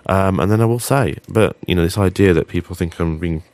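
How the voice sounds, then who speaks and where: A man's voice: sits low, brisk, a little mellow, no room sound. A man hosting a casual solo podcast, rambling and hesitant with frequent ums, then turning blunt and sweary. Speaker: podcast host.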